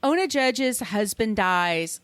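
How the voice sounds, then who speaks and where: A woman's voice: mid-range voice, expressive, takes it slowly, clean tone. A woman hosting a podcast, telling a history story in a rambling, conversational way, with restarts and the odd swear. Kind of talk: casual storytelling chat.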